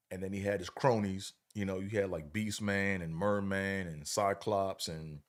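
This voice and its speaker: On his livestream, a very deep-voiced middle-aged man talks loosely in a relaxed, slang-heavy way. He drifts from one point to the next and often turns to viewers to make sure they're keeping up.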